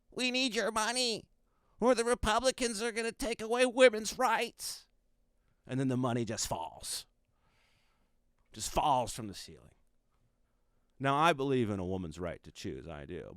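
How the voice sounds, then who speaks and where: Lively, low-voiced comedian host. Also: male voice, no room sound, studio quality. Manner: mock-serious, dramatic pauses, drops to a mutter. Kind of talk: comedic monologue.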